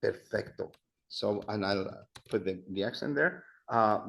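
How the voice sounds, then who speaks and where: A man's voice: lowish voice, huge pitch swings, a little slow, vocal fry, low-quality recording. A man teaching an adult Spanish class, patiently repeating words for his students to practice.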